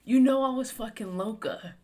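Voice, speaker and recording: A woman's voice: a little high, moderate pace, darkish tone, voice pushed up, natural voice. A woman voicing a melodramatic young Latina movie heroine, pleading in an overwrought, theatrical way.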